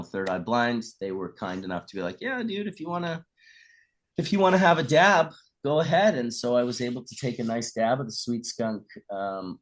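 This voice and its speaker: A middle-aged man chatting as a guest, telling stories casually and acting out the voices of the people in them, with the odd swear word. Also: lowish voice. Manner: animated storyteller who acts out quoted voices and swears casually. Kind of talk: casual storytelling chat.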